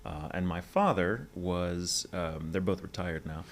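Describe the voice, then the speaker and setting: A man in his forties from Texas with a neutral mid-Atlantic accent, telling his family story in a relaxed, articulate interview. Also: sits low, a little slow, a little hiss or hum. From Texas, USA. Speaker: interview guest, voice actor. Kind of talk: casual interview chat.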